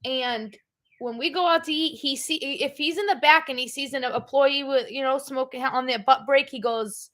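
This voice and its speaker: A woman's voice: sits high, moderate pace, fairly bright tone. A middle-aged woman hosting a livestream, chatting casually in a blunt, rambling way. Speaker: livestream host. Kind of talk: casual chat.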